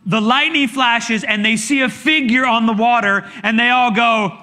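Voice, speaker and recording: Bright-voiced, animated male pastor preaching. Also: very high-pitched, moderate pace, a little hiss or hum. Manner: dramatic, animated storytelling with sudden shouts and hushed asides. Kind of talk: sermon.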